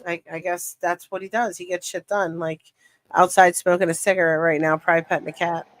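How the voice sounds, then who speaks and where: A young woman telling a long story in casual chat, animated, swearing freely and laughing as she goes. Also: on the low side, a little fast, low-quality recording. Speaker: podcast guest.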